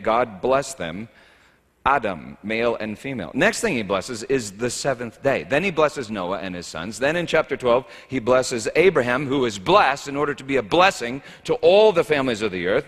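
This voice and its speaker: A man's voice: medium pitch, fairly bright tone. A man preaching a sermon as a pastor, talking in a wry, conversational and humorous way. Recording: echoey hall reverb.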